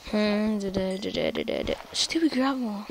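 A woman casually chatting while playing a game, playful and excitable, guiding a new player. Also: medium pitch, moderate pace, noisy background. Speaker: gameplay host. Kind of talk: casual gaming chat.

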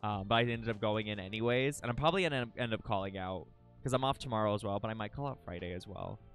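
A man's voice: lowish voice, fast, fairly bright tone, soft background music. A young man streaming live, chatting to viewers in a rambling, emotional way, swearing often and restarting his sentences. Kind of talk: casual chat with stream viewers.

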